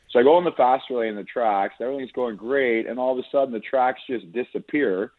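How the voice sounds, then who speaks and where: A man's voice: medium pitch, quick pace, few pauses, no room sound. A laid-back man from Canada, a guest telling a story casually over the phone. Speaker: guest analyst. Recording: tinny phone line.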